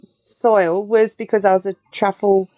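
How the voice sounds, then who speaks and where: A woman's voice: medium pitch, level tone, a little slow, mellow, no echo. A woman with an Australian accent, a regenerative farmer and author, chatting casually as a guest and joking as she talks. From Tasmania, Australia. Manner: jokey, laughing often. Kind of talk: casual chat.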